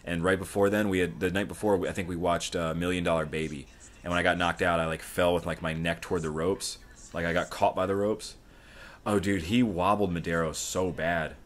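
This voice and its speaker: A young man from Florida, hosting a live fight watch-along, talking in an excitable, rambling way full of swearing. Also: deep voice, brisk. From Florida, USA. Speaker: livestream host.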